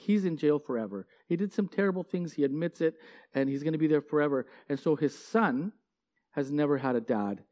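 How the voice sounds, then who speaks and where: A man's voice: mid-range voice, darkish tone, dull audio. A male pastor giving a conversational sermon, telling stories earnestly and often saying "like" as he goes. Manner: casual, frequent "like" fillers, earnest storytelling.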